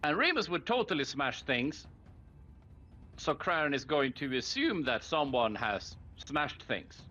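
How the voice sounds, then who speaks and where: Male player, halting delivery, swinging pitch, muffled lo-fi mic with light hiss. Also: sing-song, pushed and bright, soft background music. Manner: hesitant, many restarts and fillers. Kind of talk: tabletop role-play, describing his character. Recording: dull lo-fi mic with faint background hiss.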